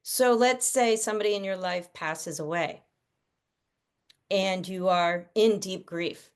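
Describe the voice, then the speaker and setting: A middle-aged woman talks through parenting ideas over a video call. She speaks casually and with plenty of life, and she often drops into quick impressions of children and parents as she explains. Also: medium pitch, smooth. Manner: animated, acts out kids' and parents' voices. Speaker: guest parenting expert.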